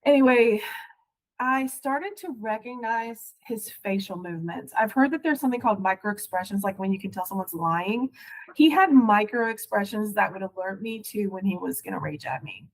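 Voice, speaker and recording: A middle-aged woman recounting her past as a podcast guest, halting and emotional, often restarting her sentences. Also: mid-range voice, animated, low-quality recording. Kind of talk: personal storytelling.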